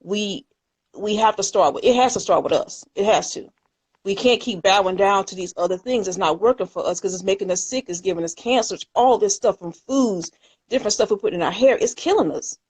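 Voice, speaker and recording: Earnest woman caller, mid-pitched. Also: fairly quick, darkish tone, breathy edge, poor audio. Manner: earnest, hesitant with fillers. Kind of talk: casual phone-in chat.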